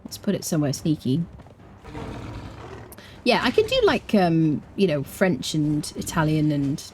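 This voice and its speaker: Playful English woman, lively low voice. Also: measured pace, a little hiss or hum. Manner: playful, joking, drops into quiet asides. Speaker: streamer. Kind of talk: casual live-stream chat while gaming.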